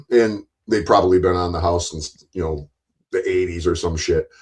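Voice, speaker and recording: A man's voice: low voice, moderate pace, husky, rough recording. Mad streamer guy cussing nonstop, rambling rant, keeps restarting sentences. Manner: angry, cursing, rambling with restarts. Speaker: live streamer. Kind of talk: profane ranting live stream.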